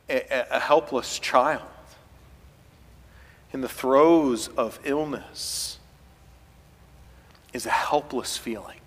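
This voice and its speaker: A man preaches from the pulpit, his voice high and piercing. He swells into loud, urgent passages and carries long reverb from the church hall around him. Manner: preaching with rising intensity, voicing quoted pleas loudly. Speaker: pastor. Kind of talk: sermon.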